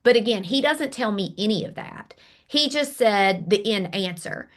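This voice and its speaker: A middle-aged woman guest candidly telling a personal story, emphatic and animated. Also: medium pitch, normal speed. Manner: animated, emphatic, acts out quoted dialogue. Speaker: podcast guest.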